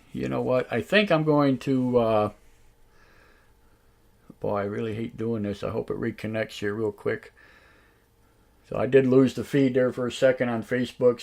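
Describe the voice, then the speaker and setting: A man hosting a live online radio show, talking in a halting, casual way with many fillers and restarts, his voice a bit raspy tonight. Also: mid-range voice. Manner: slow, drawn-out talk. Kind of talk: casual live-stream talk.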